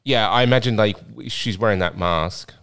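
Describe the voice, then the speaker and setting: A man's voice: on the low side, normal speed, fairly bright tone, smooth. A man co-hosting a podcast, making dry, teasing remarks in casual chat. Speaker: podcast co-host.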